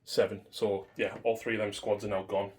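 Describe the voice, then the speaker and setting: A man's voice: lowish voice, flat delivery, fairly quick, darkish tone, slight background noise. A man playing a tabletop wargame, methodically talking through rules and dice rolls in casual commentary. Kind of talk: casual commentary over a game.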